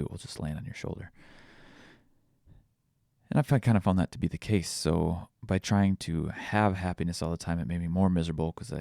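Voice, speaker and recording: A man hosting a podcast, thinking out loud in a casual reflective monologue, searching for words with frequent restarts. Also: low voice, creaky, no room sound, studio quality. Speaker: podcast host.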